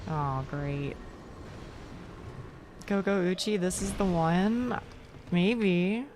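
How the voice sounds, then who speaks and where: A woman's voice: on the low side, very slow, darkish tone, a little hiss or hum. A young woman streaming a video game to her chat, swearing freely and joking at her own expense. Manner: swears freely, talks to chat, self-mocking. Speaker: VTuber streamer. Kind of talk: casual gaming stream chat.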